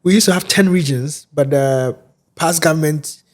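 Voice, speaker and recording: Guy chatting as a guest, kinda high voice, slow, lots of ums and uhs. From Ghana. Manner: unhurried, pauses often with fillers. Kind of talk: casual interview chat.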